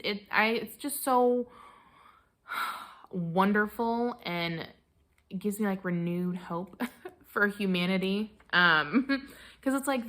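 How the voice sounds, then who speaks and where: A woman's voice: medium pitch, a bit bright. A woman knitting vlogger chatting casually and gushing, with lots of fillers and restarts. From American Midwest. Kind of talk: casual chat.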